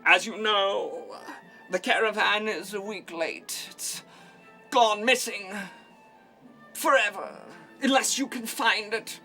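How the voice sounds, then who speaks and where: A man voicing a fussy, flustered male fair master who greets a crowd in a high, exaggerated tone. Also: slow, pushed and bright, faint music behind, exaggerated voice. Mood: grandly welcoming.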